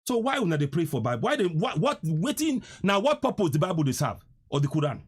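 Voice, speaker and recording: Husky Nigerian man preaching on a livestream. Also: high-pitched, very animated, quick pace. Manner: preachy, repeats lines, mixes Pidgin and English. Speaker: livestream host. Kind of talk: political livestream talk.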